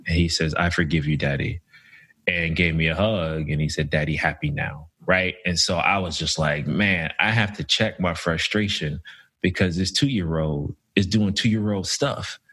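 Deep-voiced man telling a story slowly. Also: slightly rough. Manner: relaxed storytelling, slow and reflective with many fillers. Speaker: podcast co-host. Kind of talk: casual chat.

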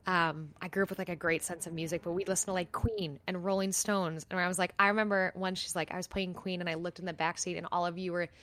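A young woman co-hosting a podcast, talking casually and warmly about family with many fillers. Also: fairly low pitch, fairly even intonation, fast, hardly any pauses. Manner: chatty, lots of fillers like "like". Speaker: podcast co-host. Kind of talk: casual chat.

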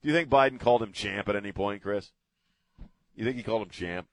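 A man's voice: lowish voice, quick pace, dry recording. A middle-aged man hosting a casual talk radio show from a studio, rambling and joking off the cuff. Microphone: studio mic.

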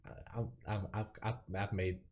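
A man's voice: fairly low pitch, moderate pace, lo-fi sound, a little hiss or hum. A man hosting a podcast, chatting casually, joking and laughing often. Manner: laughs often, jokey and animated. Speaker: podcast host. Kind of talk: casual chat.

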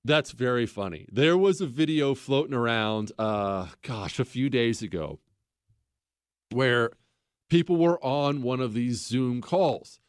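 A man's voice: medium pitch, animated, measured pace, smooth, dry recording, clean studio sound. A man hosting a talk show, rambling in a casual, sarcastic way and breaking into laughter. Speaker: radio talk show host. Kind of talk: casual talk radio monologue.

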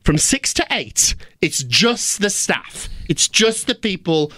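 A man co-hosts a gossip podcast, talking in an excitable, emphatic way. His voice is high, and the recording is dry and close with no room sound. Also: slow, dry recording. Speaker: podcast co-host. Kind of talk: casual podcast chat.

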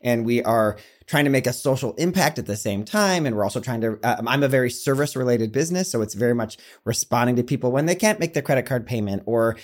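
A man guest in a casual interview, talking fast and chatty with many asides. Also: mid-range voice, expressive. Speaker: podcast guest, business coach.

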